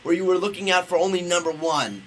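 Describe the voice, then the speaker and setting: A man's voice: high-pitched, fast talker, a crowd in the background. A man co-hosting a casual radio show, chatty and rambling with lots of fillers. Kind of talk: casual radio chat and reading fan fiction.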